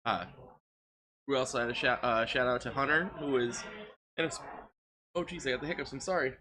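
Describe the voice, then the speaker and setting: A man doing relaxed live commentary on a card game tournament, chatty and low on energy. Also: fast, background noise. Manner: relaxed, chatty, lots of filler words.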